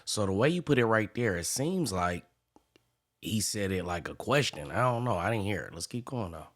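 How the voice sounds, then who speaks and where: Low-voiced blunt podcast host. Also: male voice, animated, normal speed, a bit bright. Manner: dry, blunt interjections. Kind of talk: moderating podcast talk.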